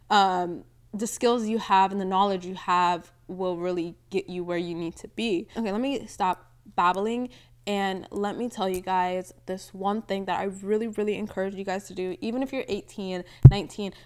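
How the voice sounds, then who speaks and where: A twenty-one-year-old woman hosting a casual solo podcast, chatty and rambling, with lots of "like" and little laughs. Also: medium pitch. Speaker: podcast host. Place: home, near a balcony.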